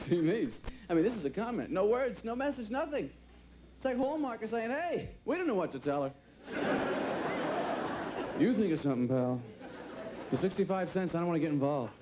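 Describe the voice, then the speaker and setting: A man's voice: sits high, very animated, normal speed, long pauses, noisy background. A man doing wry observational stand-up comedy in front of a club audience.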